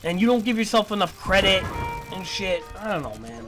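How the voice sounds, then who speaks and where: A man's voice: high voice, big pitch swings, a little fast, music in the background. A man streaming, ranting in a lecturing, repetitive and profane way. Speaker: livestreamer. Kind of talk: casual stream rant.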